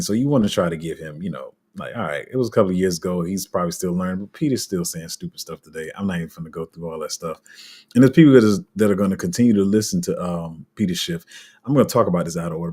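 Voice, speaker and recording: A man's voice: deep voice, rapid-fire, mellow, breathy edge. A man hosting a crypto channel, talking casually to viewers in a loose, rambling way with many fillers and restarts. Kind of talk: casual unscripted commentary to viewers.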